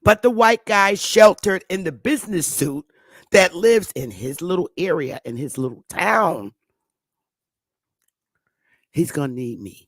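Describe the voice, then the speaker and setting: Brief: male talk host, storytelling commentary, fairly high voice, dry close sound. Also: animated, unhurried, long pauses, dry recording. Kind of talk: casual commentary with acted scenes.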